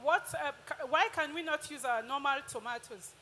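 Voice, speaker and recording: A woman in the audience asking a chef questions hesitantly, with many pauses and fillers. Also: sits high, bright, forceful tone. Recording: reverberant hall with faint noise.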